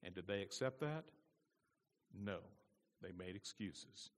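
A man's voice: low voice, animated, slow. A male pastor preaching a sermon with emphatic repetition to his congregation. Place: church sanctuary. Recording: long reverb in a church hall.

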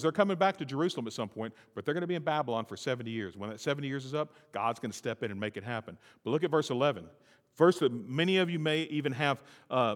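A middle-aged male pastor preaching a sermon, rising to loud, emphatic peaks and dropping to slow, quiet lines. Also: in a large hall. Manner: climbs to high, emphatic peaks and drops to soft, slow lines.

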